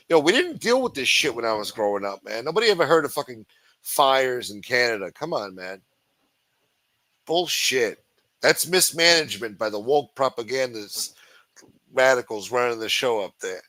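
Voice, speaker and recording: A man's voice: mid-range voice, lively intonation, moderate pace, sharp tone, no echo. A man hosting a livestream, reading news headlines and riffing on them with crude, sarcastic, profanity-laced commentary. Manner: crude, sarcastic, reads headlines aloud then rants. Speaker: livestream host.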